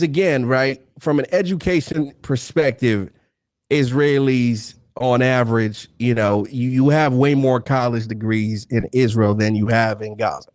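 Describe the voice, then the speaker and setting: A man's voice: mid-range voice, darkish tone, no room sound, clean studio sound. A man hosting a live debate stream, talking bluntly and profanely and pushing through interruptions. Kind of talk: heated casual debate.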